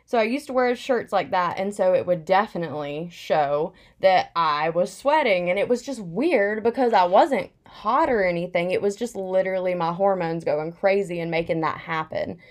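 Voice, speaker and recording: A woman's voice: fairly low pitch, expressive, moderate pace, few pauses. Young woman chatting away, candid, says "like" a lot. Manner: chatty, many "like" fillers, candid storytelling. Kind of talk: casual chat.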